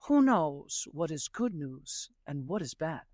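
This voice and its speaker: A man doing a calm wise old man. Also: fairly high pitch, slow, no echo, clean studio sound, pitched below the performer's own voice. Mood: serene.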